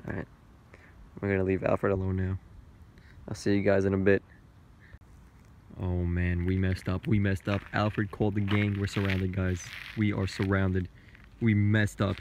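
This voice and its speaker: A man's voice: low-pitched, level tone, moderate pace, long pauses, darkish tone, a little hiss or hum. A young man vlogging outdoors by a lake on a handheld phone, narrating playfully to the camera. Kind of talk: casual travel vlog.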